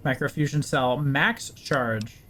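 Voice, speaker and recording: A man's voice: medium pitch, slow, bright, forceful tone, a little hiss or hum. A young man streaming a game, chatting casually and wryly with his viewers. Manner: chatty, talks to chat, wry. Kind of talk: casual live-stream commentary.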